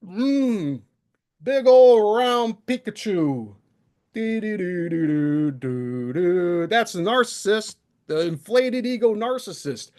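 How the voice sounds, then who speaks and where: A man's voice: very high voice, animated, unhurried, few pauses, a little mellow. A male livestream host delivering an exasperated, profane, confrontational rant straight to the camera. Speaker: channel host. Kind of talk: ranting livestream monologue.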